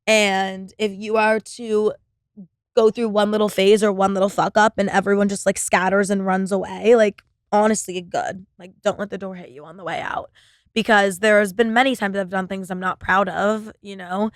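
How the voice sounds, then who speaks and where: A woman's voice: medium pitch, little pitch movement, moderate pace, no echo, studio quality. Blunt, profane young woman podcaster. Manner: blunt, profane, filler-heavy with frequent "like". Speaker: podcast host. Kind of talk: casual solo podcast monologue.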